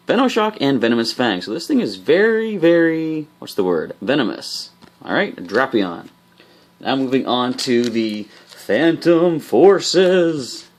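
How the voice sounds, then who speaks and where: A man hosting a booster pack opening, chatting upbeat and directly to his viewers. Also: medium pitch. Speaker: host of a card game channel.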